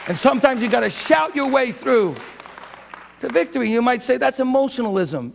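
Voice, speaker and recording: A high, gravelly male voice belongs to a pastor preaching with fervor, dropping low and then bursting into shouts. It rings out with a long reverb in a church sanctuary. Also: lively intonation, a little fast, some chatter behind. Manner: fervent preacher, swings from soft to shouting; self-described shouter and crier. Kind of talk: sermon.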